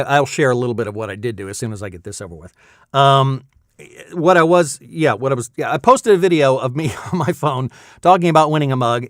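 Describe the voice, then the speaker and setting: Speaking from his insulated home booth, a man in his fifties who works as a voice actor runs his weekly vlog. His medium-pitched voice comes through dry and studio-clean as he chats and slips into exaggerated game-show announcer hype over a giveaway.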